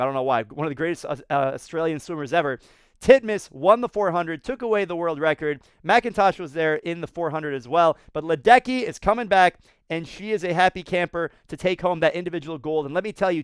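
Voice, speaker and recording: A man hosting a swimming race recap, talking excitedly, laughing and often repeating himself. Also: a little high, clear, resonant tone, dry recording, studio quality. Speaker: swimming analyst host.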